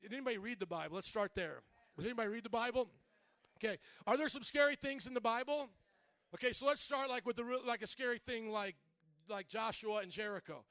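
A man preaching a sermon as pastor, acting out Bible scenes, swinging from shouting to quiet, reflective storytelling. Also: extremely high pitch, quick pace, no room sound. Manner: animated, acts out scenes with shouted voices.

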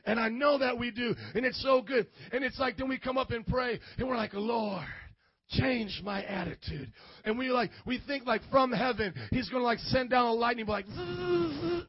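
A man's voice: very high-pitched, fairly even intonation, brisk, few pauses, husky, no echo, highs cut off. A man in his thirties preaching a sermon as pastor, calling for amens and acting out quoted voices. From grew up in an Italian family. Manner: call-and-response preaching, asks congregation for amens.

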